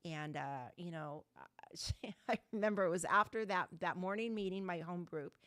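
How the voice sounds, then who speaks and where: A middle-aged woman from Southern California tells her recovery story to an online meeting. Her voice sits low, and she speaks candidly and bluntly, with casual swearing. The sound is dry and close, with no room echo. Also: moderate pace, pushed and bright. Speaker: guest speaker. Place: online video call meeting.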